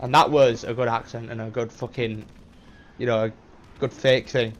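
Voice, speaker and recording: A man's voice: mid-range voice, flat delivery, moderate pace, muffled recording. A young man with a British accent rambling casually through a vlog, repeating himself and swearing now and then. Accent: British English. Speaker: vlogger.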